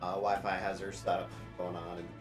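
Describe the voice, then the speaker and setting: Male game master, halting narration, echoey room, music playing behind. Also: low voice, little pitch movement. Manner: hesitant, full of fillers. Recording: roomy sound with music behind.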